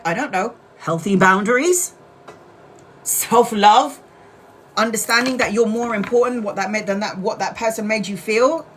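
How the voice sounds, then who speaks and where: A woman's voice: a little high, normal speed, a bit bright, a little hiss or hum. A woman doing a casual live-stream tarot reading, blunt and chatty, with the odd swear word. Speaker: tarot reader.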